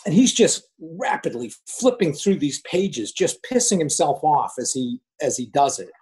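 An older man in his sixties tells a casual story with a slightly raised voice. He is animated and acts out the lines of the people in the story. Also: fairly high pitch, a little slow. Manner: animated, acts out quoted dialogue. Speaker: former finance manager. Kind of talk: casual spoken anecdote.

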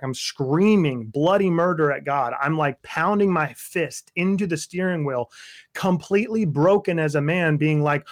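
A man sharing his personal story in an interview, earnest and intense, dropping to a soft low voice and then building to emphatic outbursts. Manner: intense, voice drops low and soft in tender moments.

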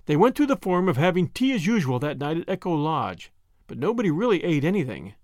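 Brief: expressive male audiobook narrator, slightly high, animated, dry studio. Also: brisk, dry recording. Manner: expressive storytelling.

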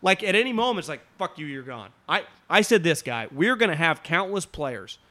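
A man co-hosting a casual sports talk show, talking fast and emphatically, restarting often and swearing. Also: high-pitched, big pitch swings, bright, forceful tone.

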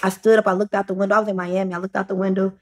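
Young woman telling a story with halting fillers. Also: medium pitch, flat delivery, a little mellow. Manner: halting, many fillers and restarts. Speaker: podcast guest. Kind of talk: casual storytelling chat.

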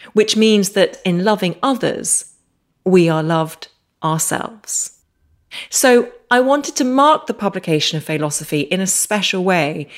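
A woman hosting a podcast, narrating reflectively with a dry, wry humour. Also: medium pitch. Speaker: podcast host.

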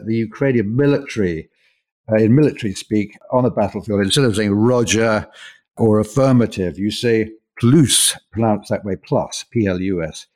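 A man with a fairly low voice reads listener mail aloud on a podcast. He chats along easily and breaks off to add his own asides between the quotes. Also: darkish tone. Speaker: podcast co-host. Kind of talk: reading listener messages.

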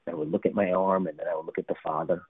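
A man from New Jersey, a life coach and guest, telling his recovery story in an animated, emphatic way. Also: low voice, rapid-fire, breathy edge, no echo. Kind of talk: recovery story told in a radio interview. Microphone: phone line. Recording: tinny phone line, dry.

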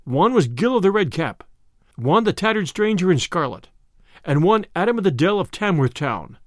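A man narrating a classic storybook tale in an expressive reading of archaic prose. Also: high voice, normal speed, no room sound, studio quality.

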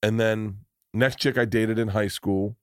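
A man's voice: fairly low pitch, steady tone, unhurried, smooth, dry recording, clean studio sound. A man hosting a podcast, telling a self-deprecating comic story with lots of restarts and laughter. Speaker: podcast host. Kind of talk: casual comedic storytelling.

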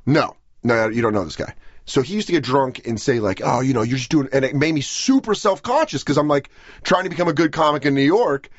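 Animated young male comedian, rambling. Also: a little high, a little fast, no room sound, highs cut off. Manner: animated, rambling, self-deprecating. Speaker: comedian guest. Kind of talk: casual podcast conversation.

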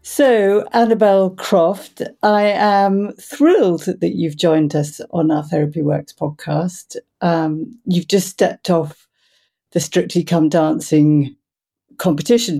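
A woman hosting a podcast interview, asking gentle, empathetic questions. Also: sits low. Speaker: podcast host.

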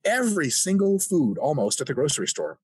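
An American man talking as a podcast guest, animated and ranting with plenty of swearing. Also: fairly high pitch, a little fast, husky, no echo. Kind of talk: casual conversation.

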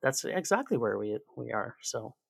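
A Canadian man chats as a podcast guest, his voice gravelly at the edges. He jokes with animated, sarcastic energy. The sound is close and dry, with no room around it. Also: mid-range voice, normal speed, no room sound. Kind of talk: casual chat.

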